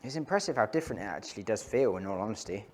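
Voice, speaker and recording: Speaking very fast and expressively in a lowish voice, a man tests golf clubs in an indoor studio, giving casual commentary on every shot and thinking out loud between hits.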